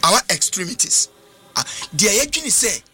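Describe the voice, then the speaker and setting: A man's voice: sits high, very animated, normal speed, bright, forceful tone, soft background music. A man preaching a sermon, emphatic, switching languages and repeating phrases. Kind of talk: sermon with interpreter.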